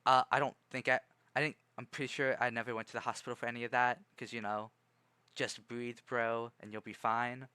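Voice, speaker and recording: A young man with a bright, forceful voice talks on a livestream in a loose, rambling way, restarting his sentences often. He keeps a calm, measured tone. The sound is dry and close, with no room around it. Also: mid-range voice, smooth, no room sound. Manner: rambling, hesitant, many restarts and fillers. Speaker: streamer. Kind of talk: casual livestream chat.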